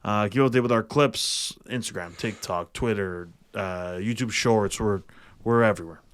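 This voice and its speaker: A man's voice: lowish voice, normal speed, fairly bright tone, smooth. A young man hosting a casual podcast, talking in a loose, laid-back way with lots of swearing. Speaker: podcast host. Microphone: podcast studio mic.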